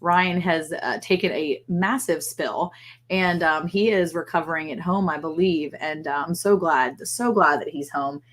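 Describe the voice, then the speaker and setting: A woman's voice: deep voice, a little slow. Chatty middle-aged woman, gushing. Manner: gushing, chatty, animated storytelling. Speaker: livestream host. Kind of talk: casual livestream chat.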